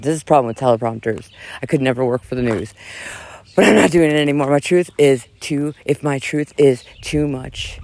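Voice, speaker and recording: Reading a profane, dramatic rant at a moderate pace, this mid-range voice swings from loud mock yelling to quieter talk. He keeps stopping for casual asides.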